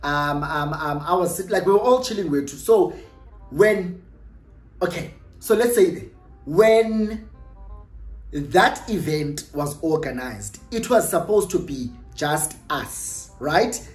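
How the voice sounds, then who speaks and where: A young adult YouTuber with a South African accent, telling a storytime in an animated, gossipy way and dropping in Xhosa phrases and tag questions. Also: mid-range voice, slow pace. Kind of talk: storytime vlog. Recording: roomy echo with faint music.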